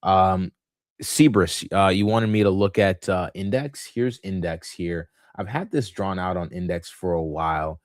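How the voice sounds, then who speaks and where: A man's voice: sits low, a little slow, no room sound, clean studio sound. A man hosting a casual market commentary livestream, thinking aloud with lots of fillers and restarts, and a touch of hiccups. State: has the hiccups. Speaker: livestream host.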